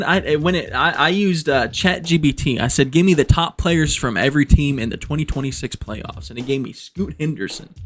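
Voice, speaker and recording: A man doing joking casual commentary as a vlogger, rambling, profane and amused at himself. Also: fairly high pitch.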